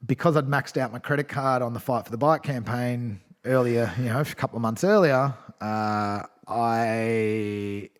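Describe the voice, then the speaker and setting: A man's voice: mid-range voice, unhurried, few pauses, long reverb tail. A man in his thirties, a podcast guest telling his story in a candid, rambling way, swearing freely and restarting his sentences. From Australia. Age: 30s. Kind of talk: casual storytelling chat.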